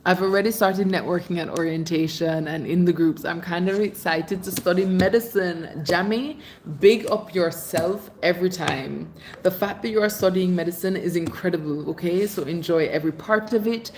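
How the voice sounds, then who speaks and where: A woman's voice: lowish voice, normal speed, a little mellow, a little hiss or hum. A woman hosting a casual livestream, chatting affectionately with her viewers as she reads their comments. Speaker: livestream host. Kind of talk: casual live chat reading comments.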